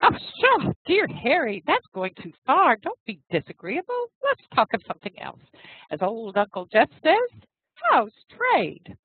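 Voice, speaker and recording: Casting note: arch, playful young wife, very lively pitch, dry lo-fi line, put on by a woman. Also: normal speed, few pauses, breathy edge, no echo, exaggerated voice. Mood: teasing. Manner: arch, playful, high lilting delivery. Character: coquettish, teasing young wife. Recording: dry, tinny phone-like audio.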